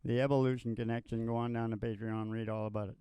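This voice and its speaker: A man's voice: medium pitch, level tone, quick pace, warm tone, clear, resonant tone, no room sound. A man hosting a casual chat who jokes around and sings country songs with gusto. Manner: playful, jokey, sings with gusto. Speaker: host and singer. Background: acoustic guitar.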